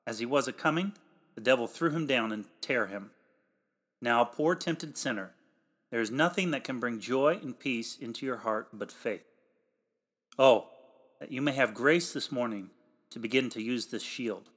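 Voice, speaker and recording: Male preacher reading a formal sermon, mid-pitched voice, emphatic pulpit delivery that swells on the calls to act. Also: lively intonation, normal speed. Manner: emphatic, swells louder on exhortations; old-fashioned formal pulpit diction. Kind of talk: read sermon.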